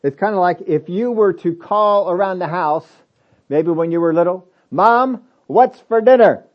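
A man's voice: sits high, fairly even intonation, moderate pace, muffled recording. A man preaching a sermon, emphatic and repetitive, asking rhetorical questions of his listeners.

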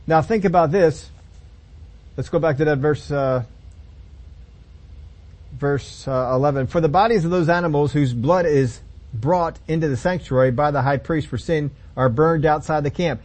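A man preaching a sermon, emphatic, with sudden loud stressed words between quieter explaining. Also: fairly high pitch, moderate pace.

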